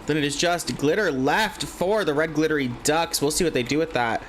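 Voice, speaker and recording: A man casting a live online game tournament, giving chatty, excitable play-by-play and thinking aloud with questions. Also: fairly high pitch, fairly quick, slight background noise. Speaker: esports caster.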